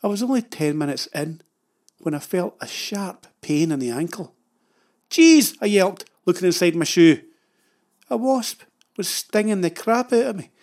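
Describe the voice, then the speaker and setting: A man's voice: high-pitched, expressive, normal speed, darkish tone. A man with a Scottish accent narrating a humorous story about his own life in a dry, self-mocking way.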